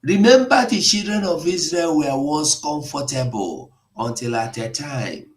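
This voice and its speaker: Slow, impassioned man in echoey room. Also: a little high, animated. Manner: emotional, pleading, rising to shouts. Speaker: online broadcast host. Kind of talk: impassioned live broadcast.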